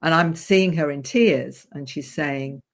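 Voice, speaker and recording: Speaking a little slowly in a low-pitched voice, a woman therapist tells a radio show about one of her clients. Her account is earnest and richly detailed, delivered as interview storytelling.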